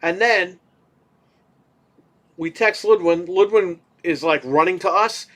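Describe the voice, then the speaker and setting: A man co-hosting a casual podcast, telling a story in an animated way, swearing casually and acting out what people said. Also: high voice, takes it slowly. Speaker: podcast co-host.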